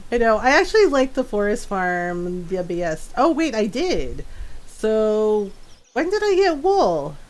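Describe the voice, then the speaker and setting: A woman's voice: medium pitch, very animated, slow, a little mellow. A middle-aged woman streaming a game, chatting casually and telling a rambling story with frequent laughter. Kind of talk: casual chat while gaming.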